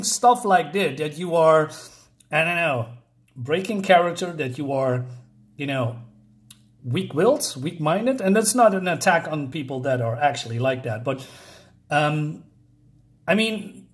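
A slightly high-voiced man talks through a comic issue in a loose, offhand way. He wanders into tangents, fills gaps with ums and uhs and chuckles at his own remarks. The delivery is casual and unscripted. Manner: rambling and digressive, with frequent fillers and chuckles. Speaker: comic book reviewer.

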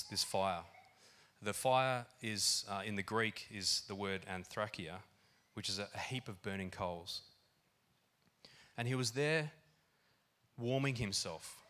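Aussie guy preaching, chatty and animated, lots of likes and ums, lowish punchy voice. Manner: animated and conversational, many fillers. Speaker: pastor. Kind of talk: sermon. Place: church hall.

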